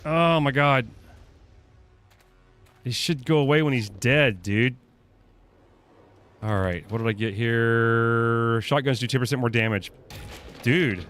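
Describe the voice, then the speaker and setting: A young gaming streamer plays a survival game live, cursing, panicking, and talking to his chat over faint game music. His medium-pitched voice is a bit bright, and he takes it slowly, pausing often.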